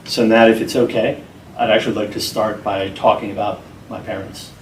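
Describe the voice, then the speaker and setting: A middle-aged man with a fairly low voice talks in a sincere, deliberate way. The sound is roomy and echoing, with the mic set some way off. A faint hiss sits under his voice. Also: steady tone. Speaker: interview guest, program founder. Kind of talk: earnest conversational interview. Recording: echoey room, mic at a distance, faint noise.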